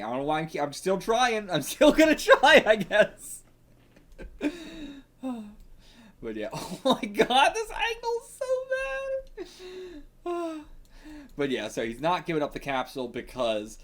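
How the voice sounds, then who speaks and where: A man's voice: high-pitched, wildly swooping pitch, moderate pace, fairly bright tone. A man hosting a manga reaction video, talking casually to himself, swearing and laughing often.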